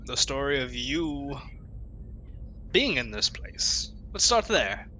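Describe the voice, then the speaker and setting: A man's voice: medium pitch, big pitch swings, slow pace, pushed and bright, a little hiss or hum, poor audio. A man playing in a tabletop game, joking playfully with the table. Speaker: player.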